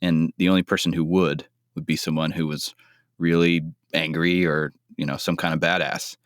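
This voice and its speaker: A man's voice: a bass voice, little pitch movement, normal speed, clean tone, dry recording, studio quality. A man co-hosting a podcast, talking casually in a rambling, hedging way. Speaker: podcast co-host. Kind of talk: casual chat.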